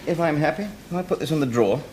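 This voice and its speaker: Teasing comedian on set. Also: male voice, fairly high pitch, expressive, very fast. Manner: dry, teasing. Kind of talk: joking banter on set. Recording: noisy old studio recording.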